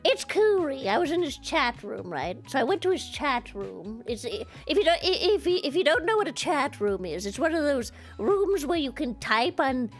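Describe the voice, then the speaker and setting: A woman voicing a doting, chatty old grandmother with vocal fry, drawing out the ends of her sentences. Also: high-pitched, big pitch swings, soft background music, pitched above the performer's own voice. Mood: fond. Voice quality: vocal fry, wavering up-and-down sing-song. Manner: drawn-out endings, fussing. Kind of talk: streamer putting on a character voice.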